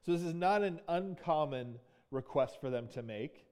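A man's voice: on the high side, animated, moderate pace, a little mellow, smooth. A man preaching a sermon as pastor, teaching in a conversational way, often asking "right?" and acting out quoted lines.

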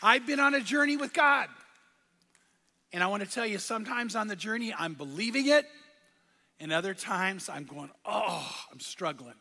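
A man's voice: high-pitched, lively intonation, moderate pace, long pauses, sharp tone, big-room sound. A middle-aged man preaching a fervent sermon in a church, repeating phrases and calling for responses from the congregation. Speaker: pastor.

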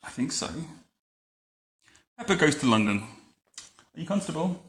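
Gravelly man reading a storybook, dry asides. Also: fairly high pitch, big pitch swings, moderate pace. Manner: dry, wry commentary between story lines. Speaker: parent reading a picture book aloud. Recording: roomy echo.

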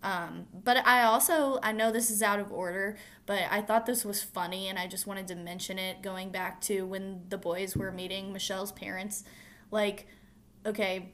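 A woman's voice: medium pitch, a bit bright. Chatty young woman recapping a show. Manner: chatty, lots of "like" fillers. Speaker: podcast co-host. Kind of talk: casual recap chat.

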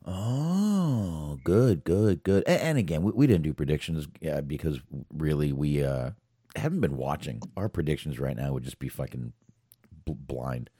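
A man's voice: rumbling low, animated, moderate pace, dark tone, slightly rough, no echo, studio quality. A man co-hosting a casual chat show, talking loosely with frequent swearing and repeated words. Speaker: podcast co-host.

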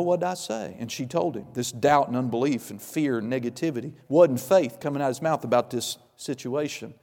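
A pastor preaching a sermon, telling stories and acting out the voices of the people in them, with emphatic delivery. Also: male voice, fairly high pitch, mellow, big-room sound. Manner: storytelling, acts out quoted voices, emphatic.

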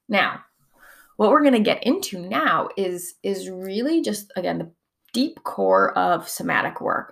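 Chatty young woman with vocal fry. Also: lowish voice, a bit bright. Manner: chatty, filler-heavy, laughs often. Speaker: somatic coach. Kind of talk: casual teaching talk.

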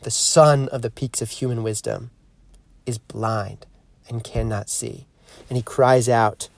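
A man hosting a podcast, giving a reflective spiritual teaching in a measured, earnest way that slows down to stress key points. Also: mid-range voice, fairly even intonation, creaky, no room sound. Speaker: podcast host.

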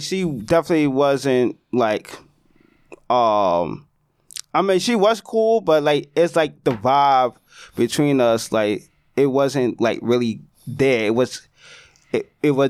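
A laid-back man who speaks slowly and hesitantly, his voice smooth and clear. The mic is close and dry. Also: medium pitch, no echo. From Brooklyn, New York. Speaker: podcast co-host. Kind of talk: casual chat.

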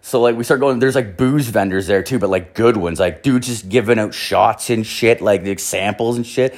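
A young man with a slightly low voice rambles through a crude anecdote. He swears constantly and leans on fillers, in a loose, casual delivery. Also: moderate pace. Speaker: storyteller.

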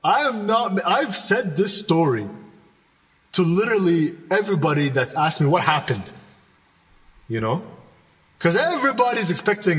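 A man's voice: high voice, very animated, moderate pace, long pauses, fairly bright tone, long reverb tail, recorded from a distance. A young man from Canada telling a personal story in casual podcast chat, rambling with many restarts and asides.

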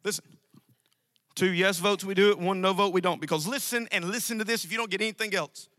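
A man preaching a sermon to a congregation, emphatic and repetitive, with sudden loud outbursts. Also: sits high, steady tone, fast talker. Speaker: pastor. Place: church sanctuary. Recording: dry sound with long hall reverb.

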